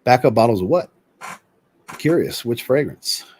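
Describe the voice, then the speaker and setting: A man hosting a livestream and chatting casually, reading viewer comments aloud and answering them in a relaxed, rambling way. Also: mid-range voice, a little slow, husky. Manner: relaxed, rambling, with filler words. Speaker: host.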